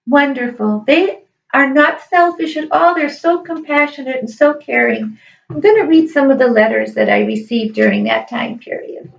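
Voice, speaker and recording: A middle-aged woman with a fairly high, gravelly voice tells a personal story earnestly and with feeling. She sits back from the microphone in an echoey room. The sound is dull and muffled. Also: far from the mic. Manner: earnest, emotional, emphatic storyteller. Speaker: high school teacher.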